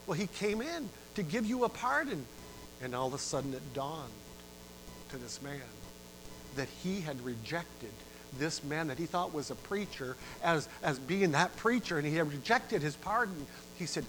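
A middle-aged man preaching a sermon, telling a story with dramatic rises in volume and sudden drops to a hush. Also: animated, normal speed, background noise. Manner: dramatic, swells loud for emphasis and drops low. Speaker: pastor.

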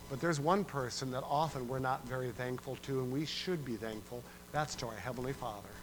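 A man delivers a sermon with a somewhat raised pitch, moving between talk, acted-out quotes and a sung verse. A faint hum runs underneath the recording. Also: rough recording. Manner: animated preaching, acts out quoted voices, sings verse. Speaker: pastor.

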